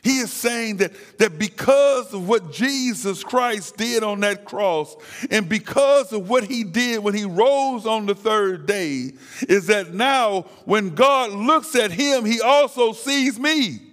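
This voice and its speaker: A man preaching an impassioned sermon, dropping to a hush and then crying out, often repeating words. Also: sits high, animated, takes it slowly, long reverb tail.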